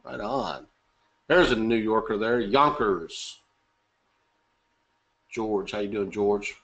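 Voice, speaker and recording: A man's voice: fairly low pitch, slow, fairly bright tone, lo-fi sound. A man hosting a live webinar, chatty and upbeat, greeting attendees by name and joking. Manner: upbeat, chatty, reading names aloud and joking. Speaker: webinar host.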